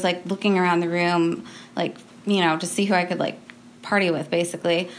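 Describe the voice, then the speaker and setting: A woman's voice: mid-range voice, a little hiss or hum. A young adult woman telling a personal story in a casual, rambling way, filling her talk with "like" and laughing between phrases. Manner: rambling, full of "like" fillers.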